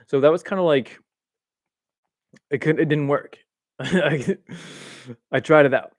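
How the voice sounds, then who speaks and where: A man's voice: on the high side, normal speed, long pauses, no room sound. Rambling man chatting on a dry mic. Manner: rambling, filler-heavy, self-mocking with frequent laughs. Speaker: livestream host. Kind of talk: casual spiritual chat. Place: home room, seated in a swivel chair. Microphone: boom-arm mic.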